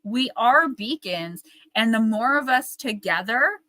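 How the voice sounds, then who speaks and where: Woman in her forties, crisp bright tone, dry close sound, lively storyteller. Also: on the high side, no echo, poor audio. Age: 40s. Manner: animated, fast storytelling with many fillers. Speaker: guest medium and author. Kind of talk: casual storytelling interview.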